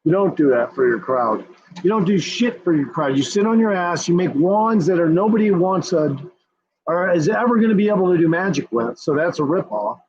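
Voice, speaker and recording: A high-pitched, husky male voice ranting in a combative, foul-mouthed streamer commentary. He repeats his points again and again. The recording sounds dull and lo-fi. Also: expressive, brisk, a little mellow. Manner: profane, combative, repetitive.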